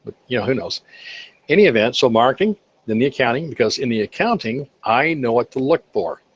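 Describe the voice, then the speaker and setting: An older man, the guest of an interview, telling folksy, animated anecdotes about his accounting work with contractors and acting out the quotes. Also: medium pitch, brisk, slightly rough. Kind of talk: casual interview storytelling. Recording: slightly dull lo-fi sound.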